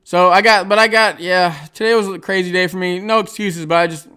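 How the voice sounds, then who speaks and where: A man's voice: sits high, steady tone, fairly quick, pushed and bright, smooth. A man hosting a casual livestream, chatting and reading viewer comments in a rambling, hesitant way with lots of fillers and restarts and frequent chuckles. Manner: chuckles often while talking.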